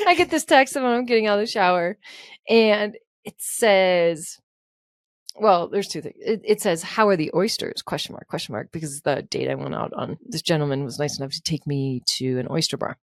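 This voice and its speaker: A young woman co-hosts a podcast in a lowish voice at a normal speed, recorded with studio quality and no echo. She tells stories animatedly in casual chat, swearing freely and laughing often.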